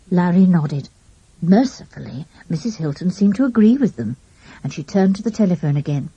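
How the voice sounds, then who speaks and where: A woman narrating a children's storybook with an expressive, animated reading. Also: fairly low pitch, normal speed, slight background noise, low-quality recording. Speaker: audiobook narrator.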